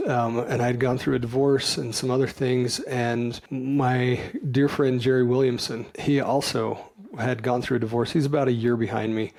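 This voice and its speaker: A man's voice: medium pitch, a little mellow. A middle-aged man, a podcast guest, telling his personal story candidly and with emotion. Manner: earnest, emotional, laughs easily.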